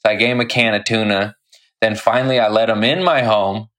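A man's voice: fairly low pitch, fairly even intonation, a little fast, fairly bright tone. Profane storytelling comic, a young man. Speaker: podcast guest, stand-up comic. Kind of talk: casual storytelling.

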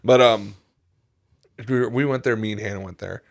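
Young male co-host with a low, gravelly voice. Rowdy storyteller who laughs a lot and swears freely. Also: steady tone, moderate pace. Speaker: podcast co-host. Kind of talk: casual chat.

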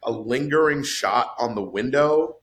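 A man in casual podcast chat about a film, animated and swinging his voice up high for emphasis. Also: unhurried. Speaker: podcast panelist discussing a film.

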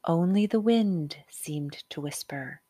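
A woman narrating a children's storybook aloud, expressive and unhurried. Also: fairly low pitch, slightly rough, no room sound.

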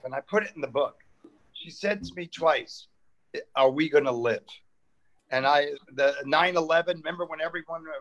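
An older man, a comedian telling stories in lively chat and acting out the people in them. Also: fairly high pitch, gravelly. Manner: animated, acts out people in funny voices. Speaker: comedian guest. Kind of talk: storytelling comic chat.

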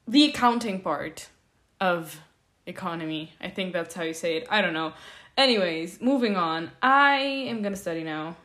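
A woman's voice: medium pitch, fairly bright tone. Young woman podcast host, casual and jittery, rambling and self-deprecating. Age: young adult. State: nervous. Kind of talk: casual solo podcast update.

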